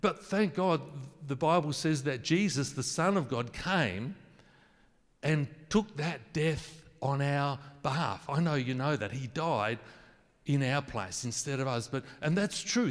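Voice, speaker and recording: In a large hall, a man whose voice runs on the high side preaches conversationally, throwing questions to the congregation and cracking jokes about the way he words things.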